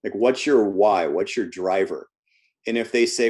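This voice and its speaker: A man with a lowish voice talks casually in an interview about his coaching work. He tells stories about his clients and often stumbles and repeats words as he goes. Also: a little slow, darkish tone. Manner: storytelling, repeats words when restarting. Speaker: health coach guest.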